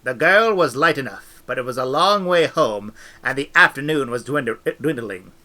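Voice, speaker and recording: Man, audiobook reader, expressive storytelling, bright clear tone. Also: mid-range voice, moderate pace. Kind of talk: reading a novel aloud with asides.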